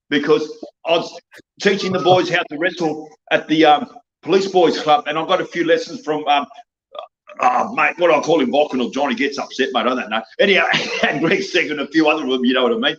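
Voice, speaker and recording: A man's voice: a little high, lo-fi sound. A drunk middle-aged man with an Australian accent, a wrestler guest ranting loosely on a podcast, saying mate and bro constantly. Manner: loud, excitable, rambling, says mate and bro constantly. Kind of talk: rambling podcast rant.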